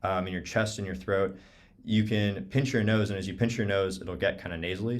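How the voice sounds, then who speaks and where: A young man with a very low voice teaches clarinet over a video call. He talks loosely and casually, filling his sentences with "um" and "like". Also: a little fast. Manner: relaxed, many fillers like "um" and "like". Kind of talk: casual online clinic talk.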